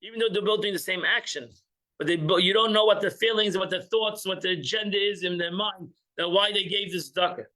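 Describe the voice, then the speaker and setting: A man's voice: high voice, fairly quick, sharp tone, rough recording. A man teaching an informal religious class, joking with listeners and acting out little scenes. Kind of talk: informal class with audience banter.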